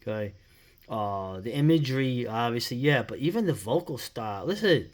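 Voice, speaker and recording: A middle-aged man from New York, talking casually and at length as host, rambling, swearing freely and trailing off into quiet mumbles. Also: medium pitch, expressive, moderate pace. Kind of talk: casual solo commentary.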